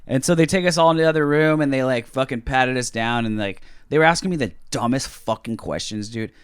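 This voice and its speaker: A young man from California tells a story on a podcast, loose and animated, swearing freely. His voice is smooth and clear at an ordinary pitch. The sound is dry and close, with no room around it. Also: quick pace, dry recording. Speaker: podcast co-host. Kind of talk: casual storytelling chat.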